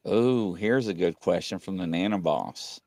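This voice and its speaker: A man's voice: low voice, a little slow, vocal fry, a little mellow, no room sound. A man hosting a casual live show, rambling through stories and reading viewer comments, often laughing. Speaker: talk show host.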